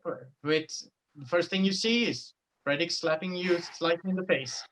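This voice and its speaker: Game master guy, bit higher voice, rambles through the scene. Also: moderate pace, a bit bright, rough recording. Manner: loose, rambling narration with restarts. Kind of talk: narrating a tabletop horror game.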